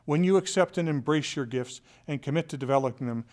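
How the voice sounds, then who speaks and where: Expressive male motivational storyteller. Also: fairly high pitch, quick pace. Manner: expressive, dramatic, with shifting loudness. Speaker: motivational speaker.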